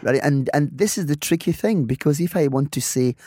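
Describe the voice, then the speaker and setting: A man's voice: fairly high pitch, brisk, mellow, breathy edge, no echo. Man, playful teaching chat, dry close studio sound. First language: French. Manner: playful, repeats words when restarting. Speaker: co-presenter, native-speaker teacher.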